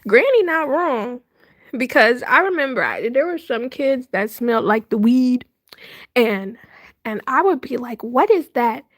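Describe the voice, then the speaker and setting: A woman hosting a livestream, telling a story in casual chat, animated and laughing often with dramatic retelling. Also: a little high, a little slow, no room sound, studio quality. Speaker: livestream host.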